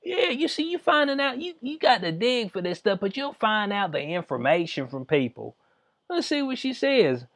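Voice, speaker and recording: A man's voice: sits high, big pitch swings, moderate pace, fairly bright tone, no room sound, studio quality. A man hosting his own channel, giving heated, informal commentary with lots of slang, emphatic outbursts and frequent laughs. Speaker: channel host.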